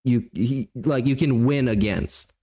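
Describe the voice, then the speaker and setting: A man co-hosting a podcast, giving rambling, animated opinions in casual chat. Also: mid-range voice, unhurried. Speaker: podcast co-host.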